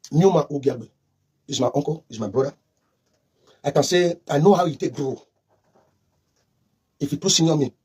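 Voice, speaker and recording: A man's voice: on the high side, dark tone, slightly rough. A man with a Nigerian accent mixing in Pidgin, giving fervent, rambling political commentary with lots of repetition.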